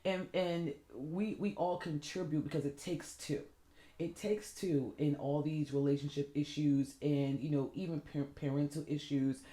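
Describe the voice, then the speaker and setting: A woman's voice: low voice, fairly even intonation, a little slow, warm tone. A woman coach giving an earnest motivational self-help talk, often checking in with "right?". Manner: earnest, keeps asking "right?". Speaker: self-love and fitness coach. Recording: echoey room.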